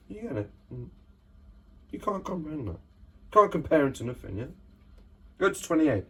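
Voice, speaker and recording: A man's voice: medium pitch, very animated, moderate pace, pauses often, husky. A man giving casual Bible teaching, reading scripture verses aloud and often checking in with his listeners. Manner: conversational, keeps checking in with listeners.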